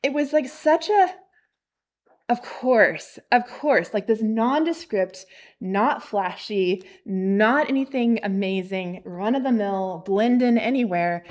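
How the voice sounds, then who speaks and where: A woman in her thirties gives a casual testimony to a women's church gathering. She tells it in an animated way, acting out what other people said and filling the pauses with ums and likes. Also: medium pitch. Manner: animated, acts out quoted voices, frequent fillers. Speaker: missionary speaking at a ladies' ministry.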